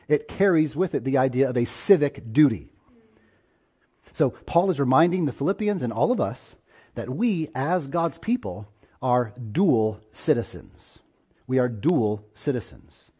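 Husky, mellow-voiced male pastor preaching. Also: medium pitch. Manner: earnest preaching, builds to emphatic points. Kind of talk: sermon.

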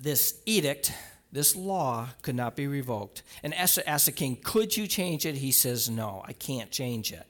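Man preaching a casual storytelling sermon. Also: on the high side. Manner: retells scripture in casual storytelling, speaks directly to the congregation; frequent restarts and asides. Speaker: pastor. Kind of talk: conversational sermon.

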